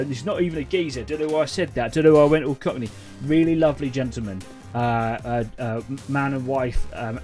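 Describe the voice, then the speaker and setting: A man's voice: mid-range voice, a little mellow. A man, hosting a live painting stream in a rambling, chatty way with lots of fillers. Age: 30s. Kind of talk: casual live-stream chat. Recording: faint music behind.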